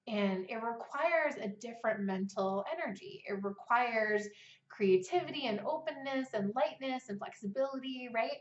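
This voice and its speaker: A woman in her thirties talking casually as a writing coach, peppering her speech with "like" and "right?". Her voice sits a little high. The room is echoey and the sound is a bit dull. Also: expressive, moderate pace. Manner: chatty, frequent "like" and "right?". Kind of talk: casual vlog talk. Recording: roomy, slightly dull recording.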